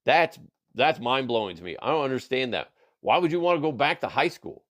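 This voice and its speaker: A man's voice: mid-range voice, sing-song, a little fast, a bit bright. A middle-aged man hosting a podcast, chatting casually about odd news with lots of swearing and laughter. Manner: profane, laughing, riffs into silly voices. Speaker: podcast host. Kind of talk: casual comedic news chat.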